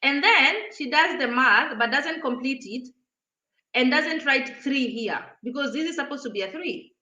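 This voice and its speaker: A woman vlogger talks straight to camera, retelling a run-in with a lively, indignant energy. Her voice is high and bright. The room around her is echoey. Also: normal speed, dull audio. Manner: animated, indignant retelling with acted-out quotes. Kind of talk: casual storytelling to camera.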